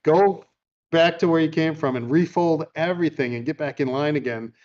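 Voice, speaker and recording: A man's voice: fairly high pitch, normal speed, darkish tone. Chatty man with a dull, lo-fi sound. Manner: chatty, amused storyteller. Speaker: podcast host. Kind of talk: casual chat, retelling a film.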